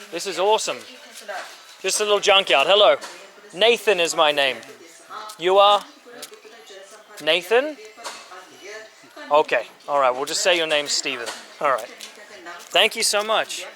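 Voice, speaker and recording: A man filming a casual travel vlog outdoors at a street-side car yard, chatty and upbeat, speaking slowly and simply when he talks to locals. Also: on the high side, animated, bright, forceful tone. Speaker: travel vlogger. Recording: outdoor street noise and passing traffic.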